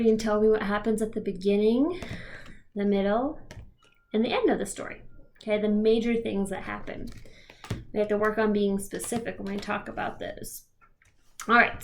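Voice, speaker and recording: A woman kindergarten teacher giving a read-aloud lesson to young children, gently explaining with a few fillers. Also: medium pitch, a little hiss or hum. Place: home, recorded for remote learning.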